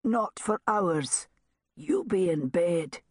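A woman's voice: fairly low pitch, lively intonation, measured pace, vocal fry, breathy edge, no echo, heavily acted. A woman reading aloud, voicing a firm, dryly amused father. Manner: firm, dry, murmuring.

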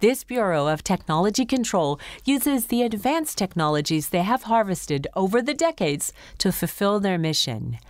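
A woman's voice: mid-range voice, big pitch swings, normal speed, hardly any pauses, dry recording, studio quality. Woman host introducing a book. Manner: clear, announcing. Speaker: podcast host. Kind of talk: scripted introduction.

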